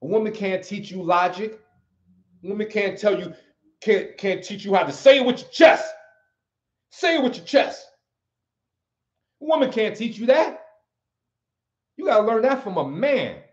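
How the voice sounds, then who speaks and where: Very animated, a high-voiced American man speaks at a moderate pace with frequent pauses. As a livestream host and martial arts teacher, he gives an emphatic, preachy pep talk that keeps hammering on key phrases, recorded in roomy, slightly dull sound.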